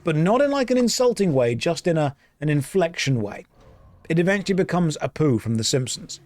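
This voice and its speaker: An English man chats while streaming an online game, rambling, joking and thinking aloud as he plays. His voice sits on the high side with big pitch swings, a fairly quick pace and a slightly mellow tone, with no room sound.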